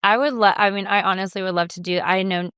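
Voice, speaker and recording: Chatty woman, smooth dry voice. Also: medium pitch, fairly even intonation, fast talker, fairly bright tone, dry recording. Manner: chatty, quotes herself and others often. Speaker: reality TV guest. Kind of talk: casual interview chat.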